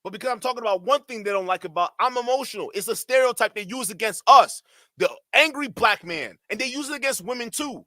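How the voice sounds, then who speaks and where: A man's voice: very high voice, quick pace, pushed and bright, no room sound, studio quality. A man hosting a livestream, giving heated, profane commentary in a ranting manner. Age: adult. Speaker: streamer host.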